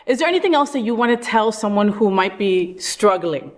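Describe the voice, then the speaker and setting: A woman hosting a talk show, talking in a casual, animated and playful way with lots of emphasis. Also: mid-range voice, a little fast. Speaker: host.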